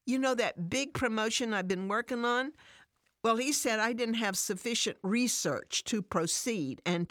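A woman voicing an upset, defensive working mother who talks in an emotional, high-strung, pleading way. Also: fairly bright tone, dry recording, studio quality.

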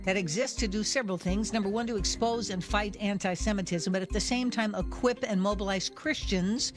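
A woman hosting a Christian talk radio show, energetic and emphatic, stressing key words and asking rhetorical questions. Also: mid-range voice, brisk, music in the background. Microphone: studio microphone.

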